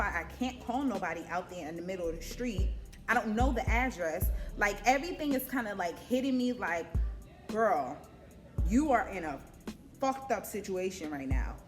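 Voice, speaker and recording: Young woman, casual storytime vlog, animated retelling, acts out her own panicked lines, swears freely, faint music behind. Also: mid-range voice. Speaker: vlogger.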